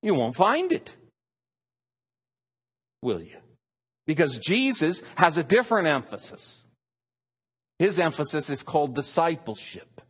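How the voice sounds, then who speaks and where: A man's voice: a little high, a bit bright, slightly rough, long reverb tail. A man preaching a sermon, emphatic and stressing single words.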